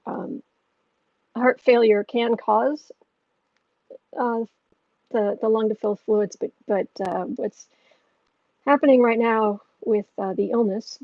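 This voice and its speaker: A woman's voice: mid-range voice, slow, pauses often, no room sound. A woman hosting a tarot livestream, reading viewer questions aloud in a blunt, rambling, opinionated way. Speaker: tarot reader and channel host. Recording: dull lo-fi audio.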